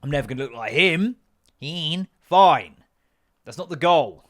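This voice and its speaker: A man riffing through a sweary, rambling comic rant as a podcast host. His voice sits a touch high for a man. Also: animated, measured pace, a bit bright. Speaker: podcast host and stand-up comedian.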